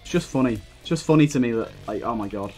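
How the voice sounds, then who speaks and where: A young man commenting on his own gameplay, swearing freely and getting heated as he talks. His pitch swings widely from line to line. Faint game music plays beneath his voice. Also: animated, quick pace, a little mellow. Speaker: gaming video creator.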